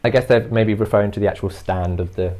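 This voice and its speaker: A man who grew up in London, explaining word differences in a calm, patient way. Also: lowish voice, quick pace, slight background noise. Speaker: co-presenter. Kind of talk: explanatory chat.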